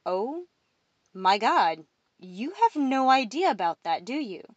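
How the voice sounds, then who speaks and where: A lively young girl at a magic academy who speaks frankly and directly, read by a woman narrator. The recording is dry and near the mic. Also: a little high, slow pace, breathy edge, no room sound, dull audio, voice pushed up, full character voice.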